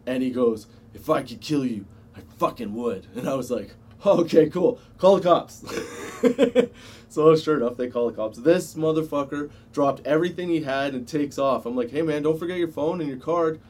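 A man's voice: mid-range voice, brisk. A man telling a casual personal anecdote, swearing freely and chuckling often as he goes. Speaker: storyteller.

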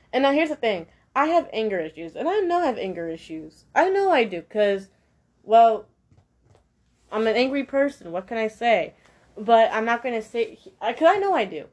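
A woman, talking to herself in a casual opinion monologue, blunt and rambling with many restarts and slangy asides. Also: medium pitch. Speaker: podcast-style talker sharing opinions.

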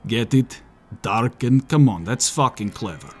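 A man hosting a comedic podcast monologue, making sarcastic, deadpan jokes with profane asides. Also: medium pitch, measured pace, soft background music. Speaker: podcast host.

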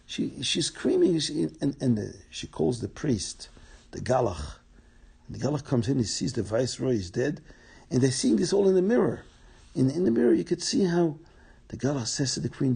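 A man telling a folk tale aloud, plain and repetitive, pausing to explain words to his listeners. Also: medium pitch, sing-song, gravelly, warm tone, breathy edge. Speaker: storyteller. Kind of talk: oral folk tale storytelling.

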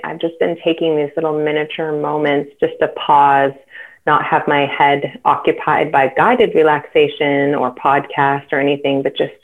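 A woman co-hosting a podcast, speaking calmly and softly with a few hesitant pauses. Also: low-pitched. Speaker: podcast co-host. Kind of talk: casual podcast chat. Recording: tinny phone-like line.

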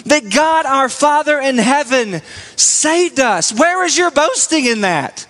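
High bright-voiced male preacher. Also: lively intonation. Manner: preaching with emphatic repetition, reading scripture aloud slowly. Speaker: pastor. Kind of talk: sermon.

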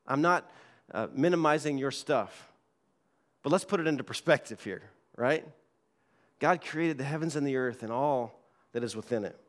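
A man's voice: medium pitch, normal speed, a bit bright. A man pastor preaching a sermon in a church, reading scripture aloud and repeating key words for emphasis. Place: church sanctuary.

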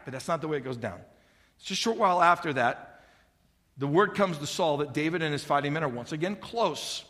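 Animated and fairly quick, this man's voice is on the high side with a fairly bright tone. During a sermon he humorously retells a story, voicing each character differently, all under long hall reverb.

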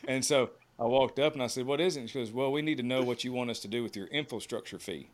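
A man's voice: medium pitch, fast talker. A man who works as a horseshoer, telling casual stories as a podcast guest and acting out the lines of others. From United States. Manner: folksy, acts out quotes. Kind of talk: casual storytelling.

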